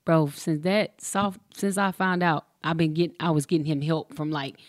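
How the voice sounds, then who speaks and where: A woman's voice: sits low, moderate pace, no room sound, clean studio sound. A woman in her forties, a former pro basketball player, telling a personal story casually and acting out the dialogue with slang. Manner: animated, acts out dialogue with slang.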